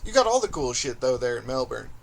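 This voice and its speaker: A man's voice: mid-range voice, very animated, fast, gravelly. A man hosting a podcast, joking around and laughing often in casual chat. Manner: jokey, laughs a lot. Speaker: podcast host.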